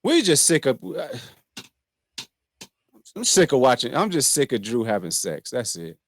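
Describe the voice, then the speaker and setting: A man's voice: mid-range voice, huge pitch swings, measured pace. A man co-hosting a podcast, chatting casually about a TV episode, questioning his co-host's points. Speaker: podcast co-host. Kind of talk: casual TV recap chat.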